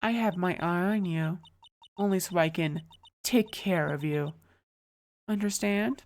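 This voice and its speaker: A woman voicing a soft-spoken, eerie young woman who talks quietly and slowly in a sweetly menacing way. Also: on the low side.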